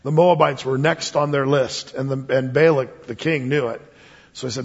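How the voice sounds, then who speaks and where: A male pastor preaching an expository sermon, telling the story in an animated way with chuckles and asides, his voice husky. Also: medium pitch, moderate pace. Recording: dull lo-fi sound with long hall reverb.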